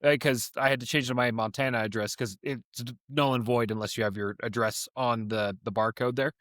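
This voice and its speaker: Fast-talking man with teasing humor. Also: medium pitch, steady tone, a bit bright, no room sound. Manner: quick, teasing, dry humor. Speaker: podcast co-host. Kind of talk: casual chat.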